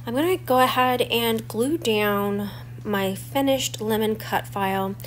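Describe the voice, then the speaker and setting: Her voice is a little high and unhurried, and a cold makes it stuffy and slightly crackly. The speaker is a woman in her forties hosting a scrapbooking channel, chatting through a crafting tutorial voice-over and explaining each step as she goes.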